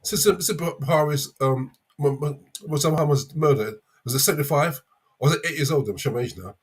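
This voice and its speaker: A man in his fifties with a London accent, calling in to a live show and rambling along with halting restarts. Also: fairly high pitch, breathy edge. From England. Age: 50s. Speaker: caller. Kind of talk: casual chat.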